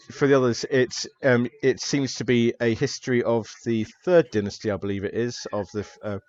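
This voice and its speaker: A man's voice: medium pitch, fairly even intonation, a little mellow. Man running a tabletop game, lo-fi sound. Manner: descriptive, unhurried, with fillers. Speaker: game master.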